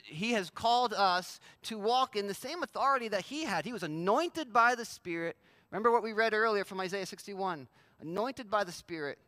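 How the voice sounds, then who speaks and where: A man preaching with a high, bright voice, speaking close to a dry microphone. He keeps a casual, conversational tone but presses hard on his main points. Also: no echo. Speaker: pastor. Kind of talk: sermon.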